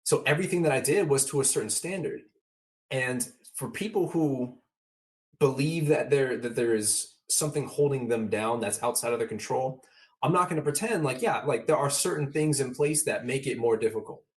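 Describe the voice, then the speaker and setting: A man's voice: medium pitch, normal speed. Earnest man telling stories as a podcast guest. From Southern California, US. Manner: earnest storyteller who acts out remembered exchanges. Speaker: guest, motivational speaker. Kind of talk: candid podcast conversation.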